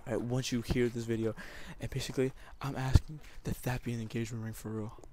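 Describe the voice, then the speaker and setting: A man's voice: medium pitch, level tone, fast talker, mellow, slight background noise. A young man making an emotional, teary proposal over a gaming commentary, rambling and repeating himself. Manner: rambling and repetitive, often saying basically. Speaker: YouTuber.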